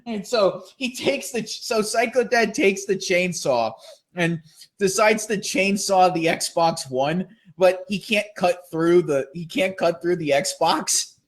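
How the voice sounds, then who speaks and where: A young man excitedly retelling a story in casual chat, acting out the quotes as he goes. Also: sits high, slow pace.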